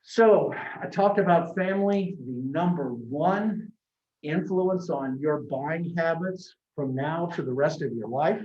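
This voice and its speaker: A man's voice: fairly high pitch, slow, a little mellow. Man lecturing in an echoey classroom. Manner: conversational, anecdotal, frequent restarts. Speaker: college marketing instructor. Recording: echoey classroom from a distant mic, dull sound.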